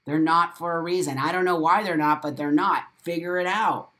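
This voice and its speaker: A man's voice: on the high side, fairly even intonation, moderate pace, sharp tone. A middle-aged man hosting a live video show, delivering a blunt, profane, preachy monologue and repeating phrases for emphasis. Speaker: host of a live morning show.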